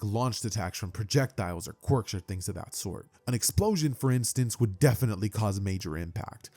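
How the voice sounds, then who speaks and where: A man's voice: mid-range voice, dark tone. A young man casually narrating a fan-made story in a rambling, slangy way.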